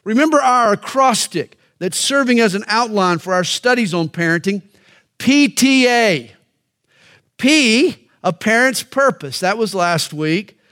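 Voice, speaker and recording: A middle-aged male pastor preaching a sermon, emphatic and alliterative, with pointed pauses between phrases. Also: sits high, animated, bright, forceful tone.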